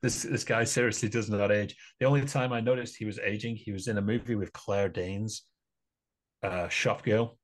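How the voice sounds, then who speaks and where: A man co-hosts a relaxed podcast about movies, talking at length in an opinionated, meandering way and laughing frequently. His voice is lowish with a steady tone, at normal speed.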